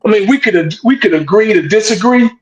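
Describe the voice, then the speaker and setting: A man's voice: high voice, brisk, echoey room, low-quality recording. A man ranting bluntly in heated casual sports talk over a video call, repeating himself and tagging lines with "man". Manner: blunt, repetitive, animated ranting with frequent "man".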